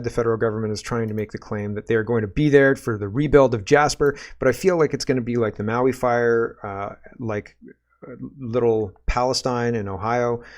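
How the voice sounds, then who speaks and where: A man from Canada hosting his own political commentary show, talking off the cuff in an ordinary mid-range voice. He reads viewer comments and then reacts to them. His tone is sarcastic and exasperated. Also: medium pitch.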